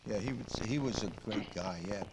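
A man's voice: lowish voice, moderate pace. An older man hosting a local interview show. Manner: rambling, repeats words, asks leading questions. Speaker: host. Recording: noisy 2002 local cable recording.

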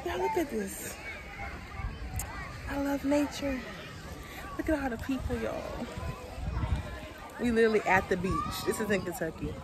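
A woman's voice: on the high side, expressive, moderate pace, long pauses, a loud crowd, heavy background noise. A woman vlogging casually outdoors at a lake beach, chatting to her viewers. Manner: chatty, addresses viewers as y'all.

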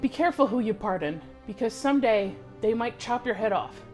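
Animated, slangy woman telling history. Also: a little high, a little fast, faint music behind. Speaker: storyteller. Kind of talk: comic history storytelling.

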